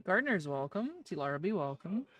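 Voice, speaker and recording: A woman's voice: lowish voice, sing-song, brisk, no room sound. A woman hosting a card-opening livestream, chatting casually, greeting viewers by name and joking with chat. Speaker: livestream host opening trading card packs.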